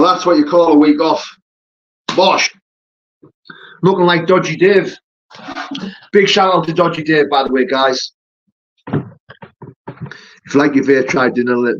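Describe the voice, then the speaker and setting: A man's voice: mid-range voice, steady tone, moderate pace, muffled recording. A man, a fighter chatting casually on his live stream and answering viewer comments, full of "mate" and "you know". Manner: matey, peppers talk with "mate" and "you know".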